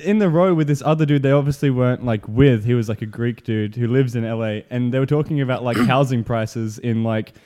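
A man's voice: medium pitch, a little fast, few pauses, mellow. A young man telling a story in casual chat, laughing often and using many fillers. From Australia.

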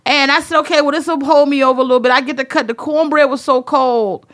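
A woman telling a comedic story in a profane, emphatic way, acting out her own yelling. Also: high voice, fairly even intonation, quick pace. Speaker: storyteller on a talk show.

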